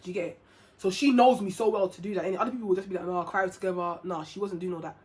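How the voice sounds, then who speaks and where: A woman's voice: mid-range voice, racing. Young woman, chatty vlogger, tells a story and voices the people in it. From England. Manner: chatty, animated, acts out quoted dialogue. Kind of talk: casual storytelling to camera.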